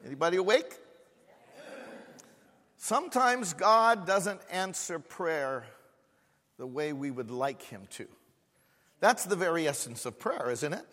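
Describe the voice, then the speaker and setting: A man preaching a sermon as a pastor, swinging from loud, emphatic repeated words to hushed, quiet asides. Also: a little high, expressive, unhurried, pauses often. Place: church hall. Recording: long hall reverb in a church.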